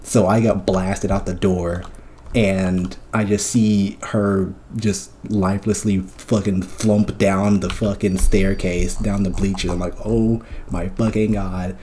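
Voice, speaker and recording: A man's voice: low voice, level tone, slow pace, dark tone, a little hiss or hum. A man streamer in casual chat, recounting a dream in a profane, rambling way with lots of fillers.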